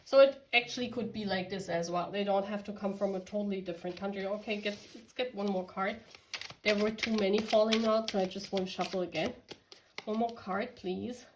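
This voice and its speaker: A woman's voice: mid-range voice, fairly even intonation, a little fast, noisy background. A woman from Germany giving a casual tarot reading, chatty and giggly, talking straight to her viewers. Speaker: tarot reader.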